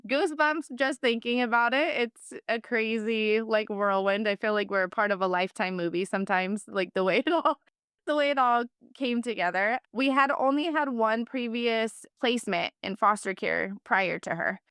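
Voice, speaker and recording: A woman in her thirties tells her family's story as a podcast guest, chatty and heartfelt, with "like" scattered through her talk. Her voice is smooth and clear. The sound is dry and close, with no room around it. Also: on the high side, moderate pace, fairly bright tone, no echo. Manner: chatty, heartfelt, many "like" fillers. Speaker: podcast guest, foster and adoptive mom. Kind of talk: casual interview storytelling.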